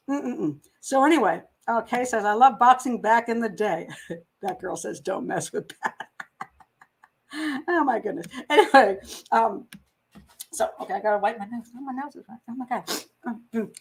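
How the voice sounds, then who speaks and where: A middle-aged woman hosts a casual live stream, her voice sitting a little high for a woman. She rambles in a chatty way, stopping to read out comments from viewers. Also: expressive, moderate pace, slight background noise, poor audio. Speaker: host.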